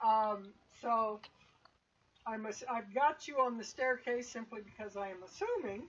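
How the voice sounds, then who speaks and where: A woman running a tabletop game as game master, narrating in a relaxed, rambling way with plenty of fillers. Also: fairly high pitch, a little slow, husky. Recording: dull lo-fi stream audio with faint hiss.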